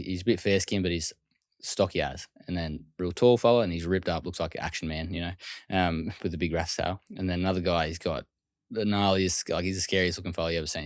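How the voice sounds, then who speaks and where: An Australian man, a guest telling stories casually and acting out other people's lines in quick quoted voices. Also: low voice, no echo, studio quality. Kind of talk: casual storytelling.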